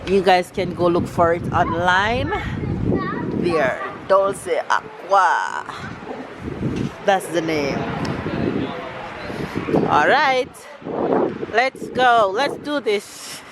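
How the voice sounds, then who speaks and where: A woman's voice: on the low side, lively intonation, extremely slow, pauses often. A woman in her thirties with a Jamaican accent, chatting upbeat to camera as a family vlogger on an outing. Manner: upbeat, chatty, laughs often. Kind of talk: casual vlog narration. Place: outdoors in a small town street. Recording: outdoor street noise.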